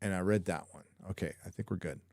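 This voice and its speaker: A man's voice: deep voice, fast, darkish tone, dry recording, studio quality. A man hosting a live show, chatting casually and rambling through viewer questions with lots of swearing and jokes. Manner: profane, rambling, joking. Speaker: live show host answering viewer chat. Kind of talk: casual live-stream chat.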